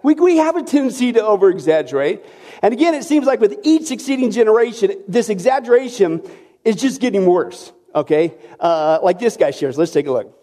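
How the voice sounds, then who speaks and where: A man's voice: sits high, lively intonation, a little fast, mellow. A male pastor preaching a casual sermon, often asking the congregation questions. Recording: reverberant hall.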